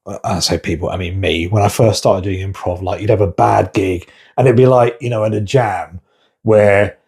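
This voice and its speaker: Husky-voiced man hosting a chatty podcast. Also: on the low side, fairly even intonation, moderate pace, darkish tone. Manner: chatty and self-deprecating, with frequent restarts. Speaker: podcast host. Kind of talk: casual conversational podcast.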